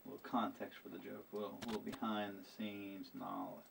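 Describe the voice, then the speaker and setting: A man live streaming while he edits video, talking to himself in an excitable, offhand way. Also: fairly low pitch, brisk, creaky, noisy background. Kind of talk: casual live-stream commentary.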